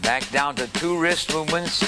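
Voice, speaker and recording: A man teaching a beginner drum lesson, calmly calling out stick strokes and explaining rudiments. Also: on the high side, normal speed, over loud music. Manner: calm, patient, counting and calling out strokes. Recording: drumming heard behind the voice. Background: snare drum rudiments played along.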